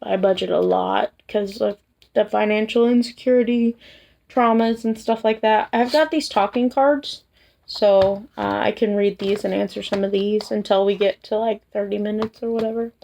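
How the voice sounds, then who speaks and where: A woman vlogger chatting casually to camera, soft and hesitant, tired after work. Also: mid-range voice, fairly even intonation, normal speed, gravelly. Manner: soft, hesitant, with many restarts and fillers. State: tired, yawning. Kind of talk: casual personal chat to camera.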